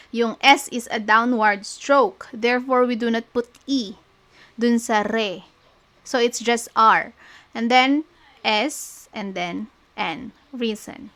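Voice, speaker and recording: Slow, bright-voiced Filipino woman teaching. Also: a little high. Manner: slow, patient, spells out letters and repeats words. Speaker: shorthand teacher. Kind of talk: online lesson, mixing Filipino and English.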